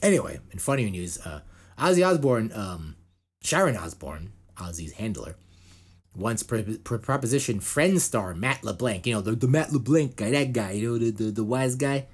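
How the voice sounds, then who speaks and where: Husky, animated male metal podcast host. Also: on the low side, moderate pace. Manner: rambling, profane, animated banter. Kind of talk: casual chat.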